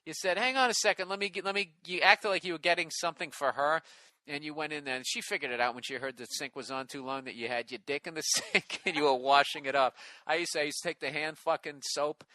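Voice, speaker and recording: A man's voice: a little high, fairly even intonation, fast, pushed and bright, dry recording. Sarcastic, profane man reading emails aloud. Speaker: podcast host reading listener emails. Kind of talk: casual comedic podcast banter.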